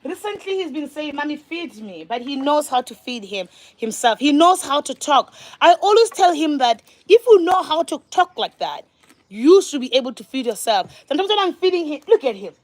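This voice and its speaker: A woman filming a family vlog at home, talking to her young sons and her followers in a lively, encouraging way. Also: sits high, moderate pace, dry recording. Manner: animated, coaxing and praising her young sons. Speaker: vlogger and mother. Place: home, at a breakfast table.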